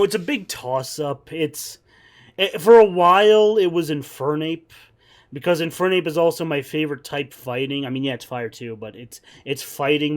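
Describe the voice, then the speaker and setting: A man giving casual gameplay commentary as a streamer, excitable and swearing a lot, over game music. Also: a little high.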